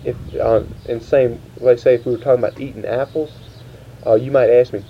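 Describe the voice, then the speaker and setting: A man interviewing, asking grammar questions in a halting way, restarting often. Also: medium pitch, steady tone. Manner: halting, restarts, slow quoted prompts. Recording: dull lo-fi tape with faint hiss.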